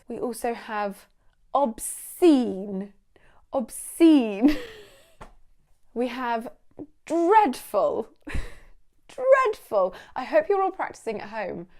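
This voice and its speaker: A woman's voice: on the high side, a little mellow. A young British woman teaching English vocabulary in a casual, playful way, laughing often.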